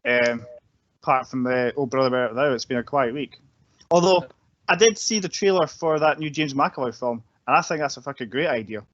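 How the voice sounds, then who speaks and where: A man's voice: medium pitch, fairly quick, a bit bright. A man co-hosting a casual podcast chat, blunt and casually swearing. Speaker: podcast co-host. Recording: dull, dry recording.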